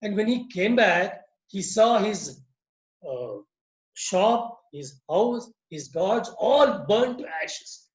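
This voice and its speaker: A man's voice: high voice, expressive, takes it slowly. Brief: male lodge speaker, repetitive earnest storytelling, dull echoey call audio. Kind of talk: moral talk with storytelling. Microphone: video call.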